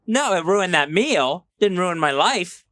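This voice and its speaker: A man's voice: high voice, very animated, measured pace, fairly bright tone, no echo. A male radio co-host defending himself in aggrieved, defensive studio banter.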